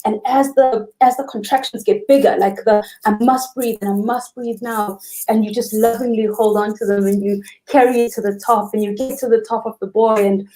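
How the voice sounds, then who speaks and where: A woman's voice: on the high side, brisk, hardly any pauses. A young South African woman, a freediving instructor, talking earnestly and expressively as a guest in a live interview. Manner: earnest, expressive, speaks of the ocean lovingly.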